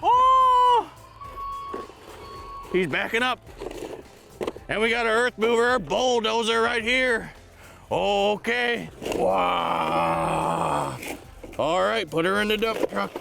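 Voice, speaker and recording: Gravelly excited pirate man for kids. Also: high-pitched, slow pace, noisy background. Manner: pirate persona, growling "yar" interjections; excited and exclamatory. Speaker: children's show host. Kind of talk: playful talk to young kids. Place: outdoors on dirt piles.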